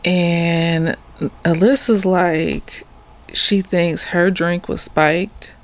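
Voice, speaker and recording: A woman's voice: on the low side, fairly even intonation, very slow. A slightly tipsy woman, a therapist, casually recapping a TV episode in a rambling, profane way. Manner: rambling, profane, laughs often.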